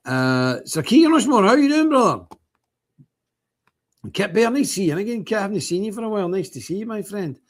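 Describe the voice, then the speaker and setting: A man's voice: fairly high pitch, a little mellow. An older man hosts a casual livestream, chatting in a rambling way and greeting viewers by name. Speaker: livestream host. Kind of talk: casual livestream chat with scripture reading. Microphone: phone camera.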